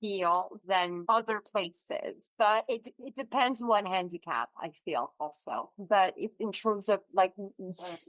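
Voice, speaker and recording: A woman's voice: mid-range voice, measured pace, fairly bright tone, no room sound, poor audio. Woman guest, dry and close. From France. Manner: earnest, questioning, with restarts. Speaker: podcast guest. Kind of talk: casual podcast conversation.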